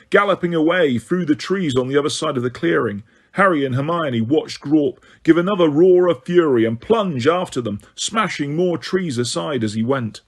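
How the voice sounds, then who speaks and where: A man reading a novel aloud as an audiobook narrator, steady and even, with the odd slip and restart. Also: a little high. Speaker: audiobook reader.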